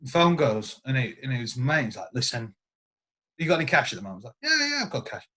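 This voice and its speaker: A man's voice: mid-range voice, quick pace. A man, a guest guitarist, telling stories in casual podcast chat and acting out the quotes. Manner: animated storyteller acting out quotes.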